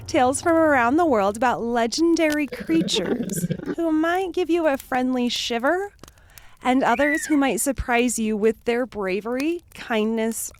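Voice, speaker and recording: Slow, gentle woman telling kids' stories. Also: fairly high pitch, slight background noise. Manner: gentle, hushed, dramatic storytelling. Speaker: children's storytime host. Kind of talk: children's storytelling.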